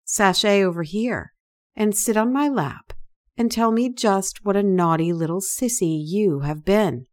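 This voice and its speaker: A woman voicing a dominant mistress who speaks in a soft, soothing but commanding voice for an erotic story reading. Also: mid-range voice, measured pace, close to an everyday voice. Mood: coaxing.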